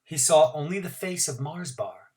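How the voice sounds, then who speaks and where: A man's voice: on the high side, moderate pace, a little mellow. A man teacher reading a novel aloud to his class, adding asides and explanations for his students.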